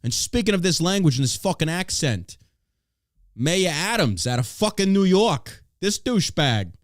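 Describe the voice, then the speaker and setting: A man hosting a podcast rants in a profane, mocking way. His fairly high voice leaps all over the place, recorded close and dry on a studio mic. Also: sing-song, moderate pace, dry recording. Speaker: podcast host. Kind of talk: casual ranting chat.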